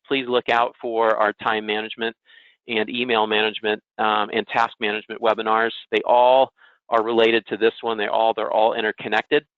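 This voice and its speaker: A man's voice: mid-range voice, dry recording. A man giving a casual, conversational webinar presentation who often checks in with listeners by asking "right?". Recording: tinny phone-like webinar audio, dry.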